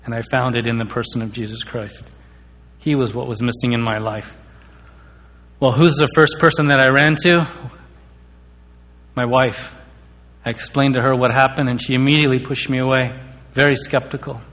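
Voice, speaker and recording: A man's voice: medium pitch, steady tone, normal speed, pauses often, fairly bright tone. Man giving testimony in a reverberant hall. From India. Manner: earnest, stammers on key words. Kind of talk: personal testimony.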